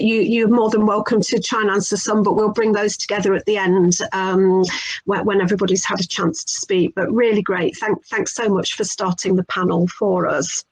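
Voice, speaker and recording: A woman's voice: mid-range voice, no room sound, rough recording. A woman hosting an online panel over a video call, thanking speakers and making introductions with frequent small word restarts. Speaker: panel host.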